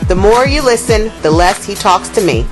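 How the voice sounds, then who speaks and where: A woman's voice: mid-range voice, lively intonation, normal speed. A woman reading a scripted podcast outro, dry and teasing. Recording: hip hop music underneath.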